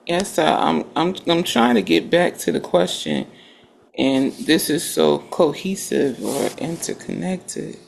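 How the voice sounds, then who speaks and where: A woman's voice: low voice, wildly swooping pitch, unhurried, creaky, darkish tone, slight background noise. A woman in a casual group discussion, making earnest points and building up to them with emphasis.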